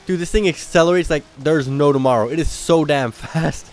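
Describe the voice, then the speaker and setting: A young man hosting a car game video, talking casually and getting excited and loud at times. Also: on the high side, fairly quick. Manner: excitable, slangy, bursts of shouting at rivals. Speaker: gaming channel host. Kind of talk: casual gameplay commentary.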